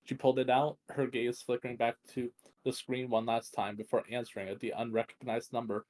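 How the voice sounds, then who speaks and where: A man's voice: medium pitch, level tone, brisk, a little mellow. Man stumbling through a fanfic reading. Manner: stumbling, frequent restarts and self-corrections. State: strained voice. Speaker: fanfic reader. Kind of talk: reading fan fiction aloud.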